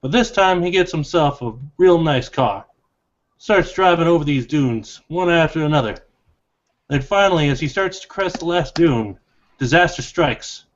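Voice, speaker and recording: During a tabletop game, a player tells a long joke in character with a folksy drawl. His voice sits on the high side with lively intonation at a normal speed, captured on a dull lo-fi recording.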